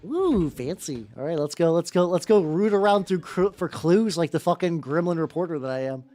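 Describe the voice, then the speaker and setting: Excitable, foul-mouthed woman game streamer. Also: lowish voice, normal speed. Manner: excitable, swears freely, rambling asides. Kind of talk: live gameplay commentary.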